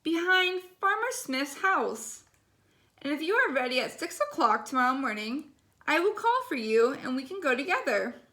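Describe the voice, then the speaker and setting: A woman's voice: high-pitched, very animated, moderate pace, sharp tone, exaggerated voice. A woman voicing a sly, hungry male wolf in a storybook reading, growling threats and coaxing sweetly.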